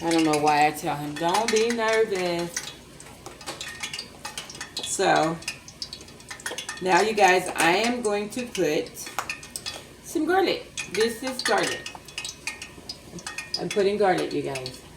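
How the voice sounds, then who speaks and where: Older woman, lowish voice, chatty home-cooking host; pans clatter behind her. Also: animated, slow, long pauses. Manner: chatty and rambling, talks to viewers as she works. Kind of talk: casual cooking demonstration. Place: home kitchen. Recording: noisy kitchen with clattering pans.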